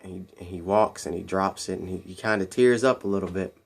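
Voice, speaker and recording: A man casually retelling a film scene by scene, rambling and repeating himself, and jumping into higher voices when he quotes the characters. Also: fairly quick, husky. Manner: rambling and repetitive, acting out quotes in raised voices. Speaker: movie recap vlogger.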